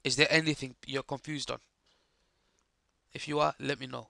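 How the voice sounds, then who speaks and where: A man with a hoarse, croaky voice giving live trading commentary, explaining chart steps and checking that the viewers follow. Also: mid-range voice, flat delivery, normal speed, sharp tone, no echo, clean studio sound. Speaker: trading streamer.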